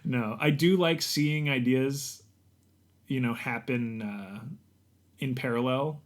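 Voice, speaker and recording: A man's voice: medium pitch, slow. Laid-back male podcast co-host. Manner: laid-back, laughs often, jokey. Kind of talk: casual chat.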